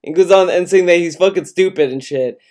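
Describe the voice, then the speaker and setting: A man's voice: high-pitched, fairly quick, a little mellow. A man chiming in on a live stream with sarcastic, rambling, stammering remarks. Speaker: co-host commenting. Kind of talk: casual live-stream chat.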